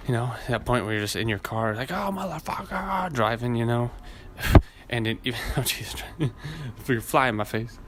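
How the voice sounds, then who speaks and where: In this casual solo podcast rant, the host speaks in a steady, mid-range voice at a moderate pace with few pauses, over heavy background noise. Hot and sweaty, he rambles, swears a lot and laughs at himself.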